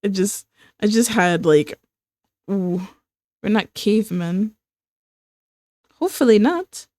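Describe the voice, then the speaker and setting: A woman's voice: mid-range voice, expressive, slow, darkish tone, no echo, studio quality. A young American woman chatting casually with her stream while drawing, rambling and repeating herself with self-mocking asides. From United States.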